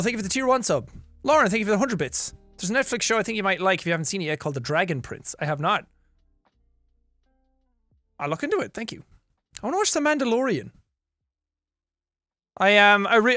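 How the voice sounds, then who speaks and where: A young Irish man casually chatting on a livestream, reading viewer messages and laughing between quick remarks. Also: sits high, fairly bright tone, no echo. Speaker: streamer. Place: home recording room.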